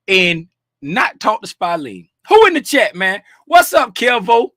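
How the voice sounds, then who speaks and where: High, bright-voiced livestream host. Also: male voice, measured pace, dry recording, clean studio sound. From Fort Lauderdale, Florida. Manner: animated, greets chat by name, bursts of laughter and shouting. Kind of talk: casual livestream chat with viewers.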